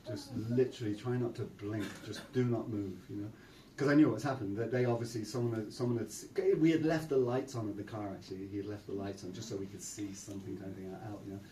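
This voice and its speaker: Recorded from afar in a temple hall, the sound is roomy with slight hiss or hum as an older preacher from Ireland tells stories in a chatty way. His fairly low, warm voice is peppered with fillers and repeated phrases.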